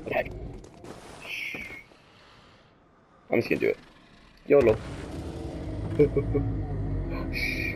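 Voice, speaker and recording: Young male gamer, frustrated running commentary, animated delivery, slight noise in the recording. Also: lowish voice, unhurried, creaky, long pauses. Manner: exasperated, talks to the game, swings from mutters to shouts. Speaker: gameplay commentator. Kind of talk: let's play commentary.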